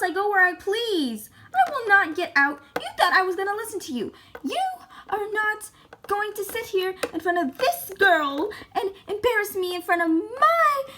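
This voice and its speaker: A woman doing a squeaky bossy mother. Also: sing-song, moderate pace, a bit bright. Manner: squeaky, domineering, mocking. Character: loud bossy teasing mother of a teen boy. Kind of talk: toy-figure video skit.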